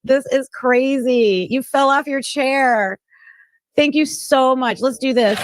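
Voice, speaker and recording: A woman's voice: high-pitched, takes it slowly, dry recording. A woman hosting a live stream, exclaiming and reading breaking news aloud to her viewers. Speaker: livestream host. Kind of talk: excited live-stream chat.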